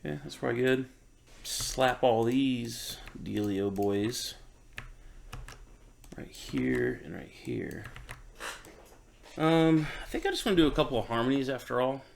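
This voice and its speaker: A man's voice: mid-range voice, sing-song, unhurried, vocal fry, pauses often, a little hiss or hum. A man musician thinking aloud in an easygoing, self-doubting way while he records in his home studio. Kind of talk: casual talk while recording.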